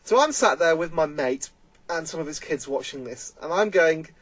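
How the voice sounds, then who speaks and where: A man's voice: on the high side, big pitch swings, moderate pace, a bit bright, no echo, low-quality recording. A man giving earnest, emphatic spoken commentary, repeating his points as he explains. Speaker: vlogger.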